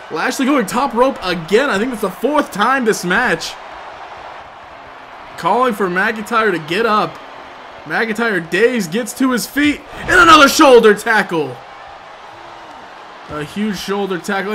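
High, bright-voiced man calling play-by-play. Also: measured pace, long pauses, slight background noise. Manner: builds from steady calls to loud, shouted excitement. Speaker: commentator for his own gameplay video. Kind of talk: sports-style play-by-play commentary.

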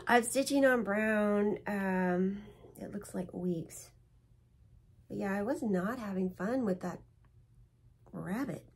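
Speaking slowly with long pauses, this woman has a medium-pitched, slightly rough voice. As a flosstube host, she shares her stitching projects at home in a chatty, rambling, emotional show-and-tell.

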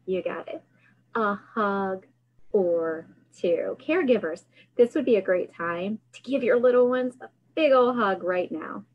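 A woman's voice: mid-range voice, expressive, measured pace, highs cut off. A woman hosting a library storytime, singing action songs and coaching young children through gestures. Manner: cheerful, sing-song, coaching kids through motions.

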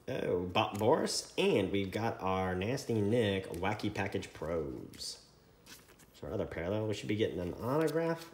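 Man reading off trading cards, echoey room. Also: on the low side. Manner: reads card names in a running list with quick asides. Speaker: card break host. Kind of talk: casual card-opening commentary. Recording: echoey room with faint noise.

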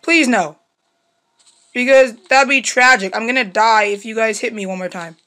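High, bright young woman screaming through a horror game. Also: moderate pace. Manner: jumpy, screams and shrieks at scares, then mutters quietly to herself. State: strained voice from screaming. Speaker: gaming YouTuber. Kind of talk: horror game let's play commentary.

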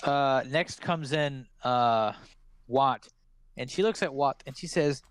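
A man's voice: medium pitch, slow, clean tone. A man running a tabletop game as dungeon master, describing scenes with a few fillers.

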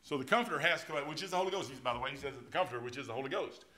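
Folksy, animated pastor. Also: male voice, mid-range voice, rapid-fire. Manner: folksy, animated preaching with loud swells and quiet drops. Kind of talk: sermon.

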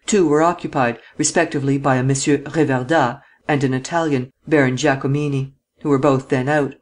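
A man narrating an audiobook of a detective novel in a measured storytelling manner. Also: mid-range voice, fairly even intonation. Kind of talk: scripted narration.

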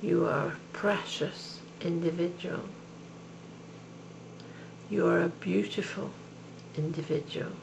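Older woman, heavy vocal fry, devout and affectionate, home video with audible hum. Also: fairly low pitch. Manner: slow, tender and devout, calls the listener love and darling. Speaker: video message sender. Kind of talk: heartfelt personal message.

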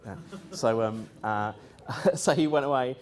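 A man's voice: mid-range voice, unhurried. Guy rambling through a story, lots of ums, does voices for people. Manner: rambling, lively, quotes others in voices, frequent fillers. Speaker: speaker recounting experiences. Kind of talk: casual storytelling talk.

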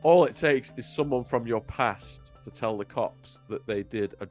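A man's voice: mid-range voice, moderate pace, darkish tone, faint music behind. An English man, a guest on an interview show, telling his own story in a vivid, dramatic way. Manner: vivid, acts out voices.

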